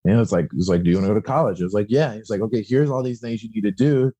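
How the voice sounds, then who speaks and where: A man's voice: fairly low pitch, racing, warm tone, husky, no echo, highs cut off. A young man, a wrestling coach, talking candidly and bluntly in a casual podcast chat, swearing freely and acting out quotes.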